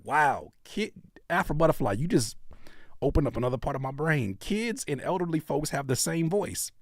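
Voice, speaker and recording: A man's voice: a little high, animated, moderate pace, no echo, clean studio sound. A man hosting a livestream where he reacts to music submissions, talking casually, joking and repeating phrases for effect. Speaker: host reviewing music submissions.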